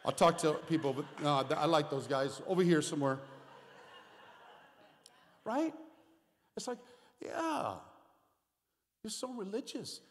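A man preaching a sermon as pastor, animated and conversational, with asides and repeated phrases. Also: fairly high pitch, unhurried, long pauses. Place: church sanctuary. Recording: reverberant hall.

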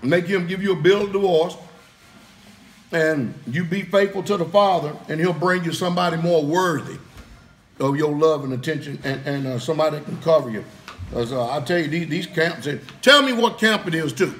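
A man's voice: fairly high pitch, moderate pace. A man preaching in a heated, blunt way, firing off rhetorical questions and cursing freely. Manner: curses freely. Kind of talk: fiery preaching.

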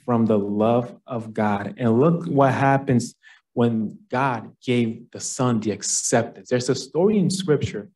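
A young man giving an earnest sermon at a campus fellowship, slowing down on key phrases. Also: medium pitch, a little mellow. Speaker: guest speaker at a campus fellowship.

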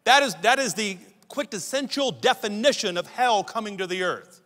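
A man with a high, ringing voice preaches emphatically, restarting phrases as he builds his point. His sermon carries the long reverb of a large church hall. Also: expressive, moderate pace, sharp tone. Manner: emphatic preaching, repeats words when starting sentences. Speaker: pastor.

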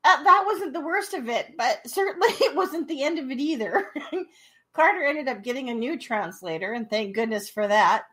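A woman's voice: high-pitched, expressive, normal speed, fairly bright tone, breathy edge. A woman hosting a casual chat show, telling a story while laughing through her words. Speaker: podcast host.

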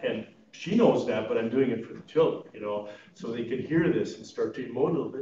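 Animated storytelling man in an echoey room. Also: mid-range voice, quick pace, few pauses, slight background noise. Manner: storytelling, animated, laughs at his own stories. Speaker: chaplain and funeral pre-planning consultant leading a class. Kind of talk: informal talk to a class. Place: church meeting room. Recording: echoey room, mic at a distance, dull sound.

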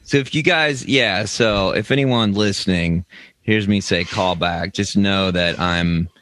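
Deep-voiced man joking as comedy co-host. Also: unhurried, a bit bright. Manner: rambling, laughing jokes. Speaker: podcast co-host. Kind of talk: comedic banter.

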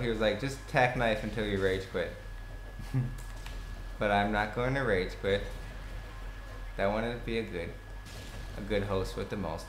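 A young man giving excitable gameplay commentary, swearing and yelling at the game. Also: lowish voice. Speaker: gaming commentator. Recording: echoey room with faint noise.

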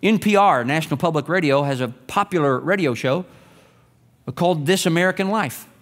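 High-voiced pastor preaching with sweeping emphasis. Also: male voice, a little fast. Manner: emphatic, swinging between raised and hushed delivery. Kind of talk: sermon.

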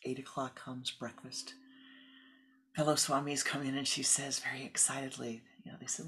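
A woman spiritual teacher telling a parable in a dharma talk, animated and dropping often into hushed whispered asides. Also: a bass voice, normal speed, poor audio.

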